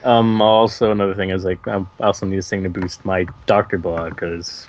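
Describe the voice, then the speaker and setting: A man's voice: low-pitched, flat delivery, moderate pace, lo-fi sound. A man chatting as a guest voice actor in a casual interview, rambling with many fillers. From California.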